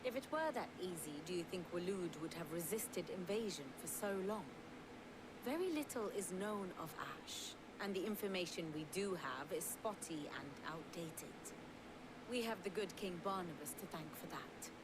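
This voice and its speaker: An actress playing a wry, learned scholar who speaks drily. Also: female voice, fairly low pitch, lively intonation, normal speed, noisy background, lightly acted. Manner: dry and wry.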